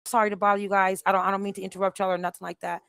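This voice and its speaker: Animated woman telling a story live. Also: medium pitch, racing, vocal fry, clear, resonant tone, dry recording. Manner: animated, emphatic storytelling with many restarts. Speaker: host. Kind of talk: casual live stream storytelling.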